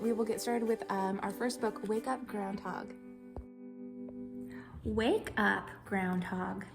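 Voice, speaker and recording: A woman librarian leading a children's story time, reading a picture book aloud in a lively way. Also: medium pitch. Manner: animated, cheerful with children. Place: in front of a green screen. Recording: roomy echo, faint music.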